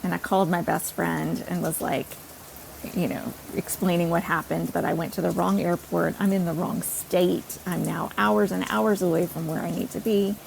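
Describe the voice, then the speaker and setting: A woman podcast host telling a personal story in an animated, self-deprecating way. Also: fairly low pitch, normal speed, gravelly, a little hiss or hum, poor audio.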